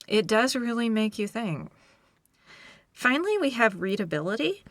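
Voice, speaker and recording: A woman hosts a relaxed book-talk podcast, her voice swooping up and down as she chats. She talks in an animated way and acts out the quotes in her stories. The sound is dry and close, with no room echo. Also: a little high, moderate pace. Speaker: podcast host. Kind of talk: casual book chat.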